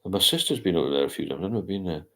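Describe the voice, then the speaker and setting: A man's voice: low voice, expressive, very fast, sharp tone. An older man, hosting a casual late-night livestream and rambling as he reads out viewer comments. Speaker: livestream host.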